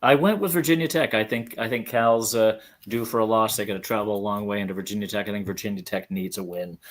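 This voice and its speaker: A man's voice: on the low side, fast. A man hosting a sports podcast, joking and rambling with many restarts. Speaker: podcast host. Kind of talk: casual sports chat.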